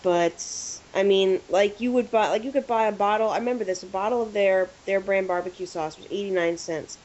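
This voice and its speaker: A woman's voice: medium pitch, brisk. Chatty woman telling stories, lo-fi. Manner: animated storyteller, acts out quotes. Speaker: podcast co-host. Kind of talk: casual chat. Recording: lo-fi with faint hiss.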